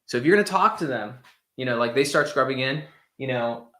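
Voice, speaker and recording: A man's voice: mid-range voice, lively intonation, fairly quick, a bit bright. A man giving casual, emphatic coaching on sales tactics, checking in with the listener as he talks and acting out scenes as he moves around a room. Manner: emphatic, demonstrates with role-play, frequent "right?" and "okay?". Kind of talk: casual instructional talk.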